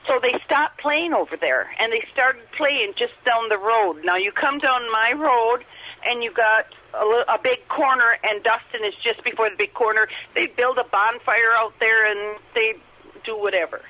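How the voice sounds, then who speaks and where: A woman's voice: a little high, moderate pace. A middle-aged woman from Upper Michigan calling in, telling a long story in a rambling, earnest way with many restarts. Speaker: caller telling an encounter story. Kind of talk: rambling phone testimony. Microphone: telephone. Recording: phone line.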